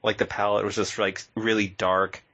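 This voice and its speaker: A man's voice: on the low side, flat delivery, moderate pace, fairly bright tone, slightly rough. A man co-hosting a podcast in casual chat, talkative, laughing often and trailing off mid-thought. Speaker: podcast co-host. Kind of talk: casual chat about card games. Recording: slightly dull lo-fi audio.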